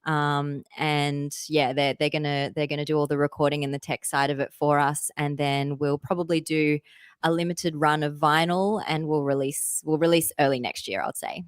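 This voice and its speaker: A woman musician as an interview guest, relaxed and upbeat, talking loosely with many fillers. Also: low voice, moderate pace, clear, resonant tone, no echo, studio quality. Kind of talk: casual interview.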